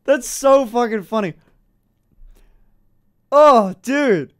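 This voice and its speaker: A man streaming casually to his chat, swearing freely, laughing often and breaking into loud excited outbursts. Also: very high voice, very slow. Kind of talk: casual live-stream reaction.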